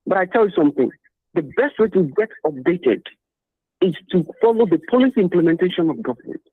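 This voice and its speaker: A man's voice: high-pitched, expressive, a little fast, breathy edge, no echo. A man calling into a radio show, arguing politics emphatically with repeated points and rhetorical questions. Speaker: caller. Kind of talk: political call-in commentary. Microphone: phone. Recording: tinny phone line.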